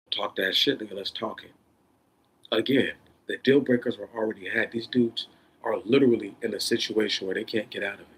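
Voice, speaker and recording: A man in an unscripted, profane rant, swinging between loud bursts and a held-down, controlled tone. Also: fairly low pitch, slightly rough. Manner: says he is holding his voice down in a controlled tone. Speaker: vlogger.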